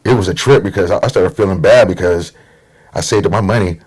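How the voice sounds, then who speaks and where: A man's voice: low voice, quick pace, a little mellow, breathy edge. A middle-aged man from Portland, Oregon, telling stories as a guest in a casual conversation and acting out the voices of people he quotes. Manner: easygoing storyteller, acts out quotes.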